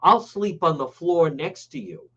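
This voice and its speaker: A man's voice: fairly high pitch, animated, measured pace, sharp tone, husky, heavily acted. A radio host doing a mocking impression of a famous man making lame excuses, in an exaggerated sing-song tone. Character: mocked male celebrity making lame excuses. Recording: muffled radio broadcast audio.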